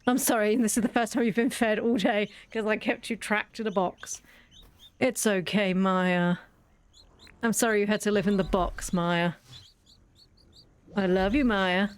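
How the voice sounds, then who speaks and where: A woman talks her way through a game in a loose, chatty stream of thought. She mocks her own mistakes and speaks tenderly to the creatures on screen. Her voice sits at an ordinary middle pitch. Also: steady tone, measured pace, pauses often, smooth. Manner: wry and self-mocking. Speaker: gaming video creator. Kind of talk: casual let's-play commentary.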